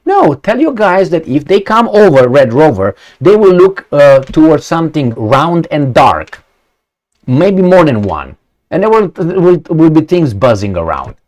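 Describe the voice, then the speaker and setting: Blunt, sarcastic man with a lively pitch. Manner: blunt and sarcastic, swears, asks rhetorical questions; halting, many fillers and restarts. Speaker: vlogger commenting on news. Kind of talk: reading out a news story and commenting.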